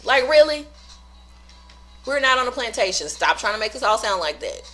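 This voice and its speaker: A young woman talks as a podcast co-host. Her sassy, profane rants swing widely up and down in pitch. Her voice is bright and forceful. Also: sing-song, normal speed, faint music behind. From Louisiana, US. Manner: sassy, profane, rant-prone. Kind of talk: casual podcast chat.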